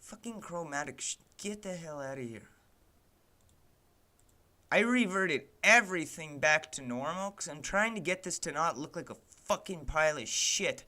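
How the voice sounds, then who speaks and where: A young man talking live as he builds a game, in a casual stream-of-consciousness ramble peppered with "like" and "man". His voice sits a bit high and sounds bright and sharp. He curses freely and sounds exasperated with his software. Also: expressive, moderate pace. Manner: exasperated, swears a lot, rants at his software; fillers "like" and "man" throughout. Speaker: indie game developer streaming his work. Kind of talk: casual livestream commentary while working.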